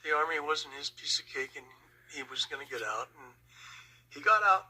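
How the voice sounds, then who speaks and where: An older man and Vietnam veteran, telling a personal story slowly and with emotion. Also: a little high, expressive, pushed and bright, slightly rough, low-quality recording. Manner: slow, emotional, reflective.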